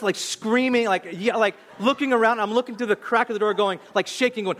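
High-voiced pastor telling a story. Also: male voice. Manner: storytelling, animated and self-deprecating; halting restarts when reflective. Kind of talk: sermon.

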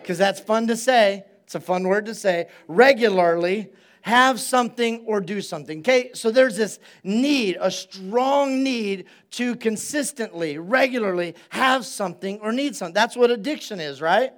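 A male pastor preaching a sermon in a relaxed, conversational way, repeating phrases for emphasis and drawing call-and-response from his congregation at a church service. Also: sits high, moderate pace.

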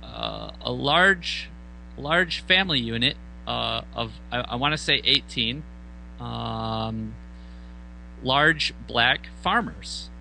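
A man casually telling a band story, swearing often and acting out loud outbursts. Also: mid-range voice, slow pace, gravelly, a little hiss or hum, low-quality recording. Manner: profane, animated retelling with loud mock outbursts.

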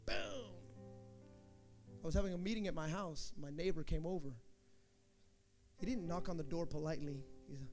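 A man with a high voice preaches a sermon, acting out each story as he tells it. He jumps into shouted quotes and then drops back to a low, earnest tone. A faint guitar plays behind him. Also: lively intonation, normal speed, pauses often. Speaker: pastor.

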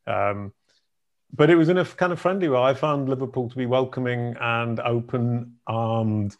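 A man's voice: medium pitch, moderate pace, highs cut off. A middle-aged man from Yorkshire, a guest in an interview who tells his stories in a chatty, self-deprecating way. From Yorkshire, England. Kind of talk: conversational interview.

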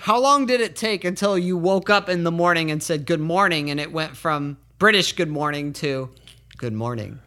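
A man's voice: high voice, normal speed, hardly any pauses, bright, forceful tone. A man hosting a podcast interview, curious and encouraging, with frequent short affirmations. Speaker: podcast host. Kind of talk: casual conversational interview.

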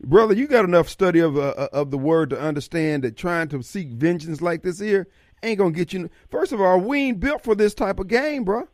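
A man's voice: high-pitched, lively intonation, fairly quick, no echo, studio quality. Combative talk radio host man. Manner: combative, interrupting, laughs often.

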